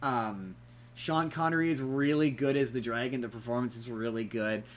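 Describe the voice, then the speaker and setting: A young man casually reviewing a movie on a podcast, rambling and animated, acting out quotes in silly voices. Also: mid-range voice, moderate pace, slight background noise. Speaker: podcast co-host.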